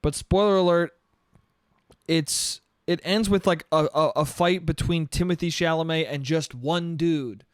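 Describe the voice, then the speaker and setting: Man, solo comic podcaster, slightly high pitch, smooth clean tone, rambling and profane, recorded close and dry. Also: unhurried, no room sound. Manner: rambling, profane, laughs often. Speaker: podcast host. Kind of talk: solo comedic monologue.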